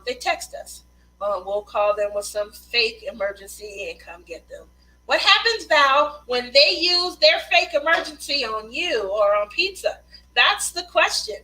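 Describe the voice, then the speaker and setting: A chatty woman hosts a casual craft livestream, laughing often as she reads out viewer comments. Her voice sits high and bright. A faint hum runs behind her. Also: poor audio. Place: Las Vegas.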